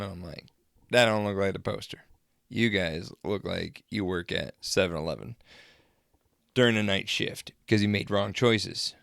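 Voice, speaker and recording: A young man casually telling rambling, crude, excitable stories to his camera. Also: low-pitched, creaky, dry recording, clean studio sound. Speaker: vlogger. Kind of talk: casual storytelling.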